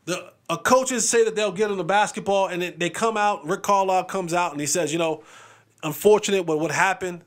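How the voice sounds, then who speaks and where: A man's voice: high-pitched, a little fast. A man hosting a sports talk show, chatting casually and animatedly, acting out what players say.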